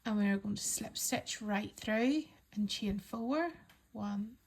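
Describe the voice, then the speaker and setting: A woman calmly talking learners through a crochet pattern step by step, counting stitches aloud and reassuring them. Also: medium pitch, takes it slowly, husky. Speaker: crochet instructor. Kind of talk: step-by-step craft tutorial.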